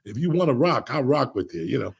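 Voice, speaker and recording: Man, very gravelly voice, husky, profane, casual storytelling. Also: medium pitch, sing-song, fairly quick. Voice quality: gravelly, raspy. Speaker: podcast host. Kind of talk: casual chat.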